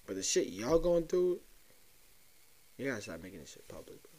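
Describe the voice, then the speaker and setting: A man's voice: medium pitch, big pitch swings, normal speed, a little mellow. Profane young man ranting casually. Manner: loose, profane, conspiratorial, talks straight to listeners. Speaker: podcast host. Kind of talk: casual solo podcast rant.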